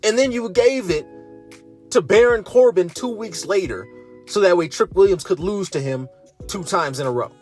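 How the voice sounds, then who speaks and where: A young man ranting sarcastically through a wrestling show review, swearing freely and pitching his voice up in disbelief. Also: lively intonation, moderate pace, darkish tone, soft background music. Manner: profane, sarcastic, exasperated, voice rising in disbelief.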